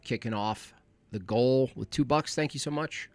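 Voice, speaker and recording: A man's voice: mid-range voice, normal speed, darkish tone, dry recording. A man hosting a call-in livestream, chatting casually and rambling to himself as he sets things up. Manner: rambling, laid-back, talks to himself while setting up. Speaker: livestream host.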